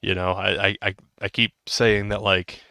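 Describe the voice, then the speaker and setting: A man's voice: fairly low pitch, level tone, normal speed, creaky, bright, forceful tone, clean tone, dry recording, clean studio sound. A man in his thirties co-hosting a podcast, rambling casually with restarts and laughs. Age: 30s. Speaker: podcast co-host. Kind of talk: casual chat.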